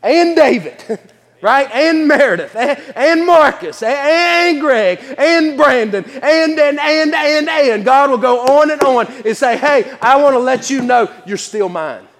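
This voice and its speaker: A man with a high, light voice delivers a sermon in a reverberant church hall, unhurried and with lively intonation. His style is folksy and conversational, peppered with laughs, asides, and repeated words.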